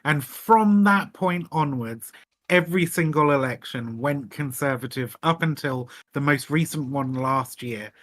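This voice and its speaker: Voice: medium pitch, unhurried, fairly bright tone. A speaker from the UK talking casually on a panel, chatty and full of fillers. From United Kingdom. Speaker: panel member.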